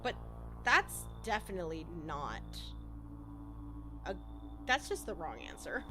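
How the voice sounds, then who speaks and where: A woman giving gameplay commentary as a streamer, animated, swearing and thinking out loud. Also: lowish voice, unhurried, pauses often, music in the background. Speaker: gaming streamer.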